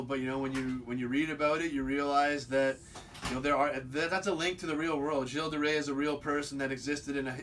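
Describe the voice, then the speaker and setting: Casting: male host, loose unscripted monologue, mid-pitched, stumbles and restarts, faint rumble behind. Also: a bit bright. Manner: rambling, many restarts and repeats. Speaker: video host. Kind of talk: casual monologue.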